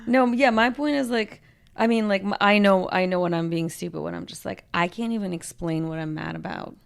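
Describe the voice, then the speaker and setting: Gravelly-voiced woman chatting candidly. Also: lowish voice, a little fast. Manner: candid, self-mocking, casual swearing. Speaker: podcast co-host. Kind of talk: casual chat.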